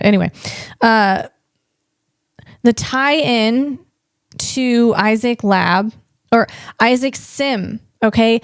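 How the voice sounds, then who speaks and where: A woman's voice: medium pitch, clear, resonant tone, dry recording, clean studio sound. A woman hosting a solo podcast in a casual, rambling way, often correcting herself and laughing at herself. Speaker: podcast host.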